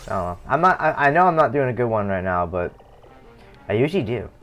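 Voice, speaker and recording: A man's voice: on the low side, very animated, a little fast, fairly bright tone, faint music behind. A young man chatting casually on a live game stream, rambling and correcting himself as he plays. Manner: rambling, self-correcting, chuckling. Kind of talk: casual live-stream chat while gaming.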